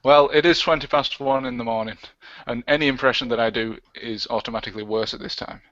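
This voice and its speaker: A man hosting a live stream chat in an easygoing, wry way. His voice is bright and sharp. The audio is dry and lo-fi. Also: mid-range voice, fairly even intonation, fast, dry recording. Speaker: host.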